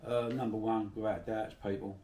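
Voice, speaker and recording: Chatty South London man, deep dark voice. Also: level tone, a little fast, reverberant, distant mic, slight background noise. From Bermondsey, London. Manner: chatty, salty, swears freely while telling anecdotes. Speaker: interviewee. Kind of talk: casual storytelling interview.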